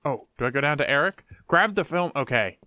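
A man's voice: fairly high pitch, animated, fairly quick, sharp tone, no room sound. A man commenting on a horror game as he plays, goofy, talking to himself and exclaiming often. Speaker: gamer. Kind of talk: let's play commentary.

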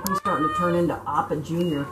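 Excited older woman cheering a game. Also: fairly low pitch, fast. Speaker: sideline commentator. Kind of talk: casual sideline chat. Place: outdoor football game sidelines. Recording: roomy, distant, noisy outdoor recording.

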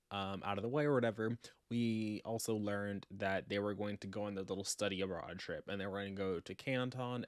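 A man recapping a book for his vlog in a casual, animated, sassy way, acting out quotes as he goes. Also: on the low side, dry recording, clean studio sound. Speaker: book vlogger.

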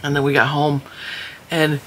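Bright-voiced chatty tired woman. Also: low-pitched, monotone, normal speed, slight background noise. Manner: chatty storyteller, laughs often. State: tired, yawning. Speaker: crochet vlogger. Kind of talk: casual chat to camera.

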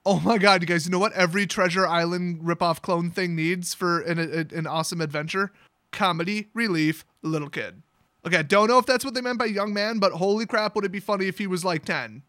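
A man's voice: high voice, fairly quick, sharp tone, dry recording, clean studio sound. A man sarcastically retelling a fantasy story, with rambling, mocking asides. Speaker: channel host.

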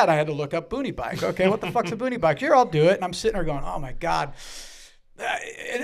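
A middle-aged man, a guest musician, telling stories in casual chat, acting out quotes with loud bursts and swearing freely. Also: high voice, lively intonation, fast talker, creaky.

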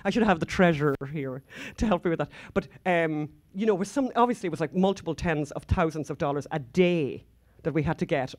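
A woman's voice: deep voice, darkish tone. Irish woman on a conference stage: chatty storyteller, digresses freely with fillers. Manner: chatty, rambling, frequent asides and fillers. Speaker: conference speaker. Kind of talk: anecdotal conference talk.

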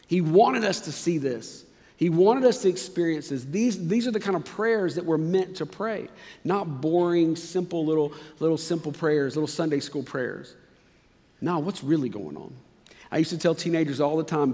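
A male pastor giving a sermon in a conversational, emphatic way, dropping suddenly quiet at times. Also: sits high, moderate pace, long reverb tail. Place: church sanctuary.

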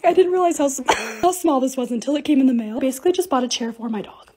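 A woman's voice: sits high, animated, rapid-fire, few pauses, noisy background. A woman in her twenties narrating a casual lifestyle vlog, bubbly and gushing over cute things. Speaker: lifestyle content creator.

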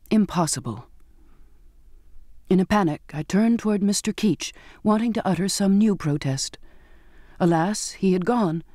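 Man reading a novel, dry and mellow. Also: high voice, dry recording. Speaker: audiobook narrator. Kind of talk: scripted narration.

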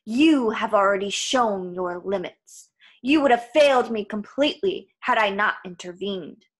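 A cold, evil monster lord speaks from deep in a pit , as a woman reading aloud puts him on. His commands come slow and scornful, drawn out with icy calm.

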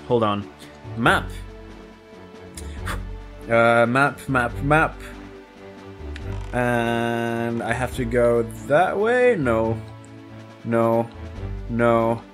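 A man giving casual, profane let's play commentary, joking and talking to himself as he plays. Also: medium pitch. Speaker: gameplay commentator. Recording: game music loud behind.

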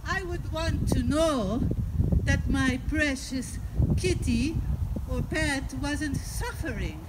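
Slow, high-voiced woman telling a comic story. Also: very noisy. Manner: deadpan asides, chatty with the audience. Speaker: stand-up storyteller.

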